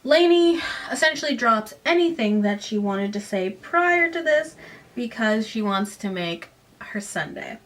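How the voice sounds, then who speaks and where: A woman's voice: on the high side, expressive, a little slow. A young woman casually recapping a novel, reading short passages aloud and breaking off into sarcastic asides. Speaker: book reviewer.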